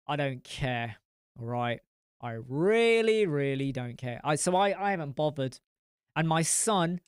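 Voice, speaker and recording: A man's voice: on the high side, clear, resonant tone, no echo, clean studio sound. A man hosting a casual live-stream chat, blunt and rambling, swearing freely. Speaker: host.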